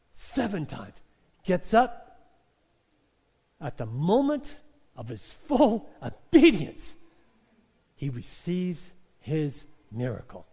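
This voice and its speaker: High, lively-voiced male pastor preaching. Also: breathy edge. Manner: animated, calls for "Amen?", acts out quotes. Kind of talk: sermon.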